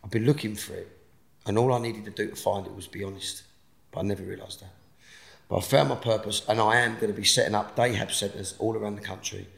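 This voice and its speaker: Gravelly, earnest man, roomy sound. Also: lowish voice, fairly even intonation, fast talker. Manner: earnest, forceful motivational talk. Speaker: guest. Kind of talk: casual interview chat. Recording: roomy echo.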